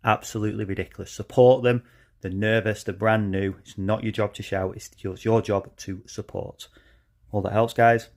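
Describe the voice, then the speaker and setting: A man's voice: on the low side, steady tone, normal speed, vocal fry, a little mellow. A man, a driving instructor, talking casually and earnestly to camera with many ums.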